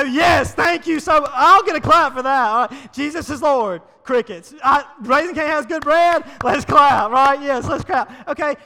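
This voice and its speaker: A man preaches in a big hall, and his voice rings out with long reverb. It sits very high for a man and sounds bright and forceful. He talks to the crowd in a loose, joking way and repeats his lines to drive them home. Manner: energetic, conversational, repeats phrases for emphasis. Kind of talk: casual, humorous sermon. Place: large hall before a live audience.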